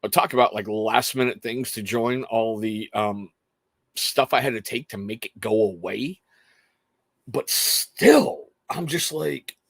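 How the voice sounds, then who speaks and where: A man in his thirties hosting a casual show, telling family stories in an animated way and laughing often. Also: mid-range voice, vocal fry, no echo. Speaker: podcast host talking to chat. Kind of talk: casual chat.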